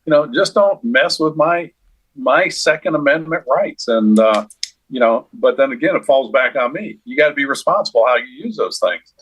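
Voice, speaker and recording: A man co-hosting a political podcast, speaking in a measured way with many fillers. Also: medium pitch, animated, fairly bright tone, husky, low-quality recording. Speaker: podcast co-host.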